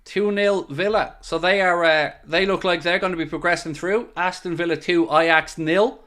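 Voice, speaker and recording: A man runs a live football watchalong stream, talking in a fairly high voice. He chats loosely with viewers and thanks supporters by name. He gets louder and more excited whenever the action on the pitch picks up. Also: moderate pace. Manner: excitable, swings between chatty asides and loud bursts at goals; reads out and answers viewer messages. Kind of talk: live casual commentary and chat.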